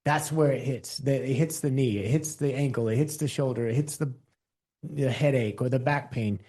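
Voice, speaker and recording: Man, podcast host, casual talk, middle pitch, restarts often. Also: moderate pace, dark tone. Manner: personal, with many restarts. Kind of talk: casual conversation.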